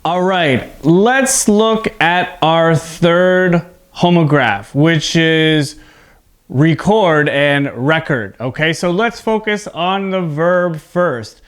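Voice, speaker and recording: Man, English teacher, high voice, smooth and crisp, unhurried, exaggerated word stress, checks in often. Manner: slow, deliberate explaining with frequent "okay?" check-ins; exaggerates word stress in repeated demonstration words. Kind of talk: online pronunciation lesson.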